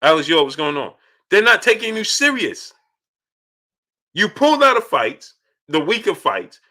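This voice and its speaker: A man's voice: sits high, very animated, normal speed, sharp tone. A man hosting a live boxing talk stream. He greets chat viewers by name and repeats his points with emphasis. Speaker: boxing channel host.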